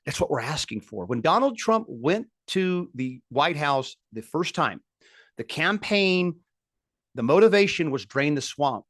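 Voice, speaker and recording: A man's voice: on the high side, sing-song, a little slow, fairly bright tone, no echo. Emphatic man, dry commentary monologue. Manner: emphatic, indignant, lists grievances in rising bursts. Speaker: political commentary show host.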